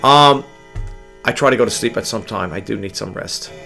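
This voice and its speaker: A middle-aged man from New York talks late at night in his home, tired and rambling. His voice has a gravelly edge, and he repeats words as he drifts from one story to the next. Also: on the low side, normal speed, bright, forceful tone, soft background music. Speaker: online reseller vlogger. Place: home room with a grandfather clock.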